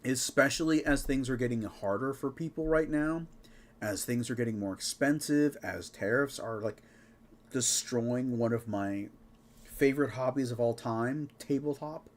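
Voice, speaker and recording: A man's voice: medium pitch, normal speed. A man co-hosting a live Q&A, reading out listener questions in a jokey, easygoing way. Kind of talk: casual chat.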